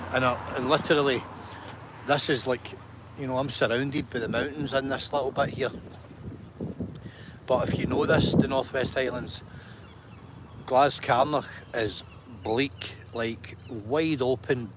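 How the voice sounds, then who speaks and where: A man's voice: medium pitch, noisy background. A man vlogging to camera, chatty and enthusiastic, often checking in with "right?". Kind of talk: walking vlog talk to camera.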